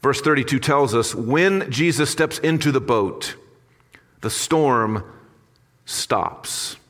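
A man's voice: medium pitch, slow, a bit bright, long reverb tail. A man preaching a sermon in an earnest, conversational way with casual asides. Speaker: pastor.

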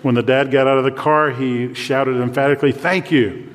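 An older man preaching a sermon to fathers, earnest and dropping to a hushed voice when praying. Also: medium pitch, level tone, fairly quick, long reverb tail. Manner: earnest, drops to a hushed voice for prayers. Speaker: pastor.

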